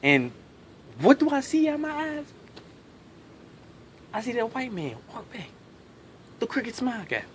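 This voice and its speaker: A male comedian telling a story with a high voice that swoops up and down all the time. His delivery is animated and full of profanity. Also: measured pace, pauses often, slight background noise.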